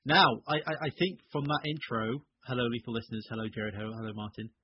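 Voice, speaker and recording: A man's voice: mid-range voice, fast, husky. Teasing man hosting a podcast. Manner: teasing, laughing. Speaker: podcast host. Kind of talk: casual chat. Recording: dull lo-fi sound.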